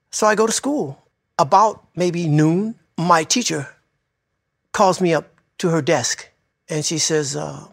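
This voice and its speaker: An older man from Detroit recalling his childhood in a reflective, heartfelt way, sometimes speaking softly. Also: fairly high pitch, slow, gravelly, no echo, clean studio sound. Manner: reflective, heartfelt, soft at times. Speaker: interviewee. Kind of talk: personal storytelling.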